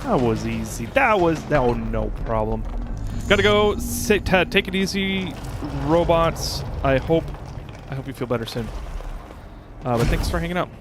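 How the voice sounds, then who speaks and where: A young man streaming a video game, reacting loudly and chatting with his viewers. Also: on the high side, moderate pace. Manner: excitable, shouts exclamations, chats to viewers. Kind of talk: casual gameplay streaming with chat. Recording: game music playing behind.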